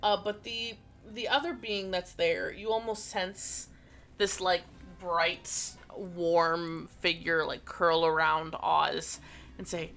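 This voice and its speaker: A woman narrating as game master of a tabletop game, rambling with many fillers and quick apologies. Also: lowish voice, steady tone, creaky, a bit bright.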